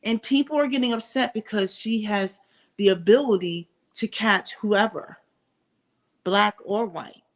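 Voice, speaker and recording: A middle-aged woman speaks at medium pitch and an unhurried pace in a casual commentary vlog. She gives candid, opinionated takes, thinking aloud with frequent restarts and asides.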